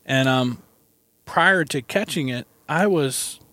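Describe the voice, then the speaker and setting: Man, guest, casual storytelling, halting, chuckles, mid pitch, dry close sound. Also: pushed and bright, no echo. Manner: halting, chuckles while telling. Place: inside a parked van.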